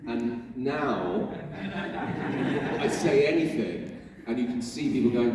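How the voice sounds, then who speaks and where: A man's voice: medium pitch, expressive, slow pace, very noisy. A man answering questions on a convention panel, playful and self-mocking, telling anecdotes and laughing often. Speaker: actor, guest on a convention panel. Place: large convention hall with audience. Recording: echoey convention hall from far off.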